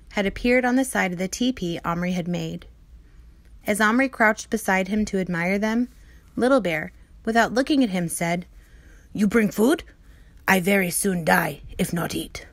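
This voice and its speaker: A woman reading a children's novel aloud in a clear, expressive storytelling manner. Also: mid-range voice. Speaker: reader.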